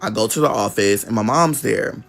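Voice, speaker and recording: A man's voice: on the low side, moderate pace, gravelly, fairly bright tone, soft background music. Man telling a candid profane story. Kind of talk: casual storytime vlog.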